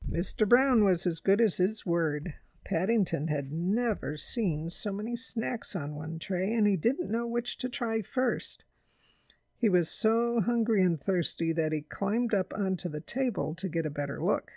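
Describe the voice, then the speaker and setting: Woman storyteller, gravelly, dry close sound, measured read-aloud. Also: mid-range voice, darkish tone, no echo.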